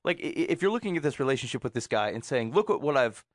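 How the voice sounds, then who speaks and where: Lively rambling man giving advice. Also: medium pitch, rapid-fire, dry recording. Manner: rambling, restarts often, playful. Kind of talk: casual advice chat.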